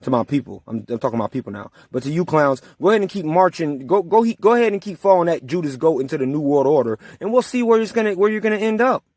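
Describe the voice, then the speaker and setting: A man speaks in a somewhat high voice, taunting and profane as he rants at his critics on his own channel. The sound is dry and close, with no room around him. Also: expressive, fast, few pauses, a little mellow, dry recording. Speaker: channel host. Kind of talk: angry ranting monologue.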